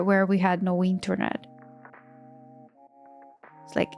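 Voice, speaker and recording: A woman's voice: medium pitch, darkish tone. A woman in her thirties chatting casually on a live stream while she draws, enthusiastic and often restarting her sentences in non-native English. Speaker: artist streaming while drawing. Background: faint background music.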